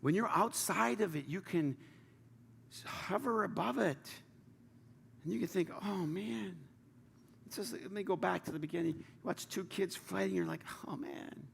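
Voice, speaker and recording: A man preaching a sermon as pastor, passionate, swinging from loud urging to hushed near-whispers. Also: high-pitched, normal speed, vocal fry, a little hiss or hum. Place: large church hall. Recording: reverberant church hall with faint ambience.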